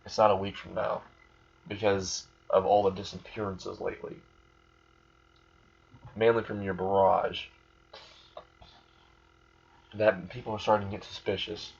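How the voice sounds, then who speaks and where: A man voicing a stern male demon lord who delivers grave news in a flat, matter-of-fact way. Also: deep voice, a little slow, creaky, pauses often, husky, exaggerated voice. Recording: muffled lo-fi recording.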